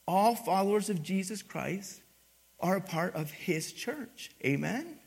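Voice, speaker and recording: A man preaching a sermon, moving from quiet teaching to loud, emphatic passages and asking the congregation for responses. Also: sits high, expressive, takes it slowly, gravelly, pauses often, breathy edge. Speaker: pastor.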